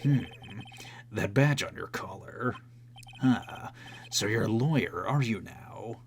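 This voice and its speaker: A man voicing a pompous, evasive old male lawyer with a gruff, drawling manner. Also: fairly low pitch, animated, slow, a little hiss or hum, heavily acted.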